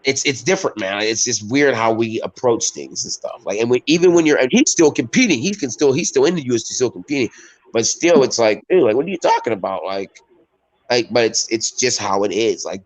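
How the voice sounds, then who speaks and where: Heard over a rough video-call recording, this man is a pro MMA fighter guesting on a laid-back podcast. He speaks at a medium pitch, wandering from thought to thought, cursing, and leaning heavily on filler words.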